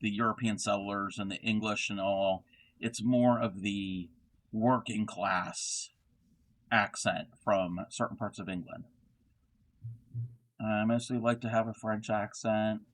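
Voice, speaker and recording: A man's voice: on the low side, fairly even intonation, takes it slowly. A middle-aged man who hosts a crochet livestream, rambling casually as he answers chat. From Baltimore area, Maryland. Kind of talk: casual live-stream chat.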